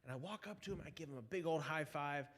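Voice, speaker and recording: A man's voice: fairly high pitch, quick pace, fairly bright tone, in a large hall. A man who is a student pastor, telling funny stories in playful banter on a church live stream. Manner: playful storyteller.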